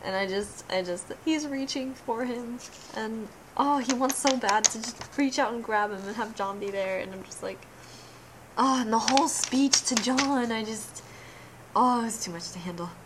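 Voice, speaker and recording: A woman's voice: fairly high pitch, moderate pace. Young woman, casual vlogger, gushy and emotional, keeps trailing off; light hiss on the track. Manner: gushing, emotional, trailing off mid-sentence. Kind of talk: casual reaction vlog.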